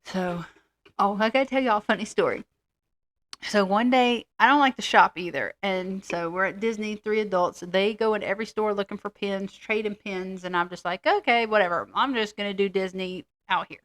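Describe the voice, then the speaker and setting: A woman's voice: mid-range voice, moderate pace, a bit bright. A middle-aged woman co-hosting a casual chat, telling rambling, self-deprecating stories. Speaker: co-host.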